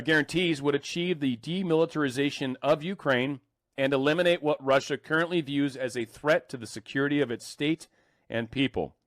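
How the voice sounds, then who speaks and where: A man's voice: medium pitch, no echo, studio quality. Man reading news with joking asides. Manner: joking asides, sarcastic remarks. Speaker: commentary host reading news. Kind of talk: casual commentary reading articles aloud.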